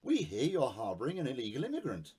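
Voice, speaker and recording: Guy doing a bossy suspicious village cop, husky, bullies everyone. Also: mid-range voice, huge pitch swings, fast talker, a little mellow, exaggerated voice. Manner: blustering, suspicious, threatening. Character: bullying middle-aged male village policeman.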